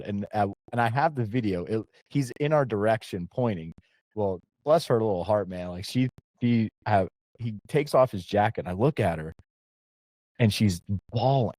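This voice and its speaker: A middle-aged man hosts a podcast in a relaxed, rambling way, circling back and restarting as he tells a story. His voice sits low and sounds warm and mellow. The recording is dry and close. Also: moderate pace, no room sound. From Pennsylvania. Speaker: podcast host. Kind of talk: casual podcast chat.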